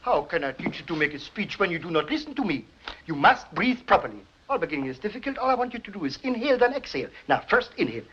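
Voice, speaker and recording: An actor playing an excitable elocution professor with a Spanish accent and a husky voice, sputtering and exasperated in 1940s film comedy acting, on a dull old film soundtrack. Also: male voice, high-pitched, quick pace, background noise. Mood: coaxing. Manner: exasperated, sputtering, bursts of laughter. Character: excitable Mexican elocution professor, fussy man. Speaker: elocution teacher.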